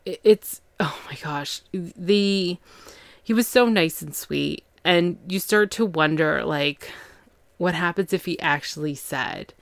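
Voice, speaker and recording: Female podcast host, low gravelly voice, dry close sound, casual chatty recap. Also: slow, no room sound. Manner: chatty, laughs often, acts out characters' lines. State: tired after a long day. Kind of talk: casual chat.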